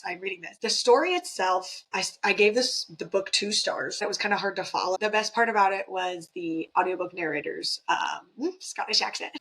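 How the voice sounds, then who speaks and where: Husky-voiced chatty woman podcast co-host. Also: mid-range voice, fairly bright tone, low-quality recording. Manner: chatty and playful, many fillers. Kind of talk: casual chat.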